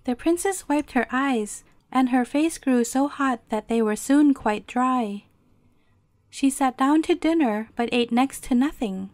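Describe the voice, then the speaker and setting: Brief: woman storyteller, gentle measured bedtime reading, dry close-miked sound. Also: sits high, no echo.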